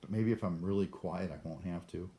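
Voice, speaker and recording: A man's voice: sits low, fairly quick, dark tone. An older man talking to the camera in a rambling monologue, often stammering and restarting his sentences. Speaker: vlogger.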